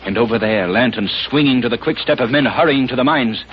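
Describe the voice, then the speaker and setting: A man's voice: mid-range voice, brisk, muffled recording, lightly acted. An actor playing a brave male hero who urges his companion on, protective and urgent, in 1940s radio acting. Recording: noisy old radio broadcast.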